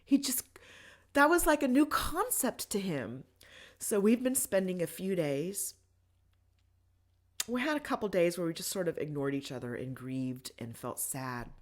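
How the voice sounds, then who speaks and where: A woman hosting a podcast, telling a personal story in a candid, emotional way. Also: deep voice. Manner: candid and emotional, with pace swinging between rushed and slow. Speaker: podcast host.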